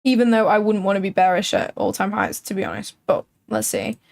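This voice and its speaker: A woman's voice: medium pitch, steady tone, a little fast, creaky, darkish tone. A woman hosting a live trading stream, chatting casually and thinking aloud with frequent filler words. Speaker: livestream trading host.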